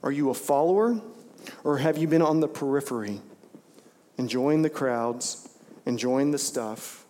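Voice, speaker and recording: A pastor preaching a sermon to his congregation in an animated way, acting out lines in different voices. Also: a little slow, long reverb tail, a little hiss or hum. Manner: animated preaching, acts out voices with big pitch jumps. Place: church sanctuary.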